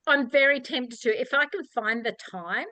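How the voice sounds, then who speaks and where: A middle-aged Australian woman, an author, chatting casually on a podcast and telling lively stories with acted-out quotes. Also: a little high, normal speed, dry recording, poor audio. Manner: animated storyteller, acts out quoted voices. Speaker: author guest.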